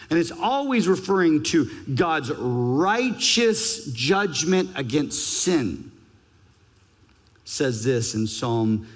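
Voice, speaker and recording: A man preaching a sermon as pastor, emphatic, ranging from raised urgency to hushed scripture reading. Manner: emphatic, varies pitch and pace widely, drops to a hush for scripture. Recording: long church hall reverb.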